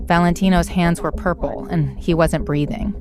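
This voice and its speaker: A woman narrating an investigative documentary in a measured, matter-of-fact way. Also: on the low side, steady tone, creaky, music in the background. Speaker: narrator reporter.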